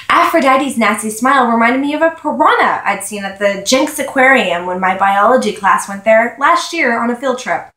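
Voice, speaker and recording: A woman's voice: a little high, animated, measured pace, sharp tone. A woman giving a casual chapter review of a novel, reading passages aloud between wry, sarcastic asides. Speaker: book reviewer. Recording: echoey room.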